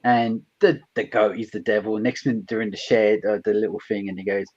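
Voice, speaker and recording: A man, a guest on a stream, chatting in an animated, rambling way with some swearing. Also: lowish voice, a little fast, husky, no room sound, highs cut off. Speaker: guest youtuber. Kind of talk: casual chat.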